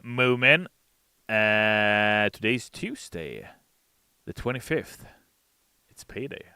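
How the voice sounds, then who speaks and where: A man's voice: sits low, creaky, no room sound. Drowsy, hesitant man chatting on stream. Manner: reads chat messages aloud in a brighter, louder voice; relaxed, hesitant with frequent uh fillers. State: sleepy. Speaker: game developer streamer reading chat. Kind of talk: casual live-stream chat.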